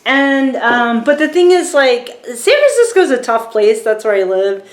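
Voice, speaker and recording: A woman in her forties with a light Southern American accent talks to camera with a slightly high pitch. She rambles casually, restarting her sentences and filling pauses with ums and likes. Her voice rings in a noticeably echoey room. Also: sing-song. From rural Virginia, USA. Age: 40s. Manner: rambling, chatty, lots of restarts and fillers. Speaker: YouTuber. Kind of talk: casual talking-to-camera book review.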